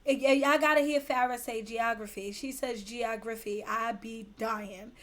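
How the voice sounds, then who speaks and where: A woman's voice: a little high, fairly even intonation, moderate pace, fairly bright tone. A woman hosting a casual livestream, reading viewer comments aloud in a brash, profane and teasing way. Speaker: livestream host.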